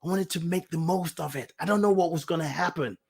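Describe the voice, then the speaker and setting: A guest host and life coach from Nigeria, telling a personal story to an online group and acting out the quoted lines with big jumps in pitch and loudness. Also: quick pace, gravelly, slightly rough. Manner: animated, acts out quoted lines with big swings in pitch and loudness, laughs often.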